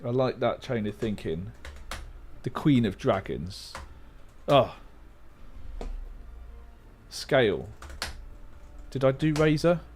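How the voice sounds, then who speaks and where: A young man hosts a relaxed livestream, musing over word guesses with playful, self-mocking remarks. He talks at an unhurried, slow pace. His voice rises and falls with a lively pitch. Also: slight background noise. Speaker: livestream host. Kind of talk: casual livestream chat while playing a word game.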